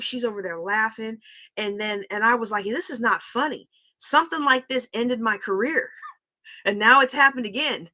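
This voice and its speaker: A woman's voice: a little high, pushed and bright. A middle-aged woman, hosting a livestream and candidly telling a personal story with open emotion. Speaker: host. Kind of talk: casual livestream talk.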